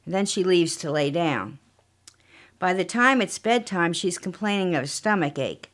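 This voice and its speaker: A woman reading her own mystery story aloud as author and podcast narrator, unhurried and plain. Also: on the low side, expressive.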